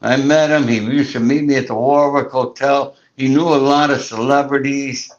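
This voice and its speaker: A man's voice: medium pitch, steady tone, moderate pace. A man hosting a casual chat, telling a rambling, profane story and acting out the dialogue he quotes. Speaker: show host. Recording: muffled lo-fi audio.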